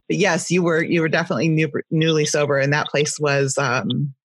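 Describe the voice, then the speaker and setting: A woman's voice: deep voice, brisk, husky, no echo. Dry-voiced West Coast woman co-host. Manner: rambling, hesitant with many ums. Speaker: podcast co-host. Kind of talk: casual interview chat.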